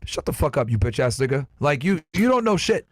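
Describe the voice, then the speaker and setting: Man, combative, mocking, high voice, dry close sound. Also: big pitch swings, brisk, no room sound. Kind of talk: casual argumentative chat.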